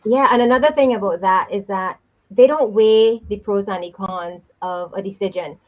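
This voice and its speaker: A woman's voice: mid-range voice, normal speed, a little mellow, highs cut off. A woman co-hosting a casual live chat show, talking emphatically and repeating key points for effect.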